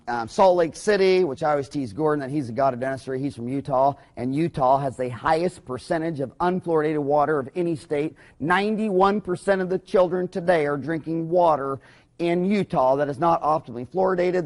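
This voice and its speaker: Animated, folksy man. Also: fairly high pitch. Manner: animated, folksy, swings into loud excited bursts. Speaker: dentist giving a business talk. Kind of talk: impassioned rambling monologue.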